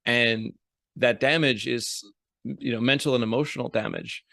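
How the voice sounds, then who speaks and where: A man's voice: medium pitch, fairly even intonation, normal speed, gravelly, pushed and bright, dry recording, clean studio sound. A man in his fifties, a podcast guest who practices alternative medicine, speaking casually and hesitantly with many fillers. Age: 50s. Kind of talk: casual conversation.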